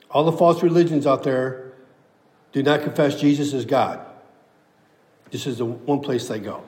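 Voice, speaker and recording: A man's voice: fairly high pitch, darkish tone, reverberant, big-room sound. A pastor preaching a sermon to his church, emphatic and repeating key phrases for weight.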